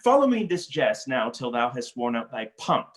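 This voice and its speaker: A man of medium pitch, speaking naturally at a moderate pace, takes the role of a witty, mocking young nobleman. It's a cold read of a stage play on a video call, and his delivery is playful, teasing, and lively with wordplay.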